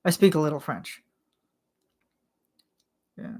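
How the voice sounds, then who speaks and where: A woman chatting casually to her channel in a lowish voice. She talks slowly and rambles, with plenty of filler words and quick laughs. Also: very animated, mellow. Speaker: channel host. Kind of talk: casual monthly chat vlog.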